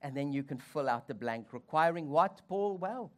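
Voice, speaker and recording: A pastor giving a sermon with playful asides and wry humor. The delivery swings from loud, high emphasis to low, quiet reflection. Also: lively intonation, moderate pace.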